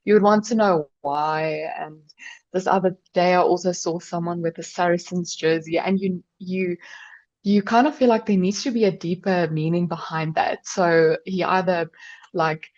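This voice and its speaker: A South African woman co-hosts a casual rugby chat, telling a story with easy laughter. Her voice sits a little low, and the recording is dry and slightly dull, like a remote mic. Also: steady tone, normal speed, a little mellow, no room sound. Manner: chatty, storytelling, laughs often. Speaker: podcast co-host.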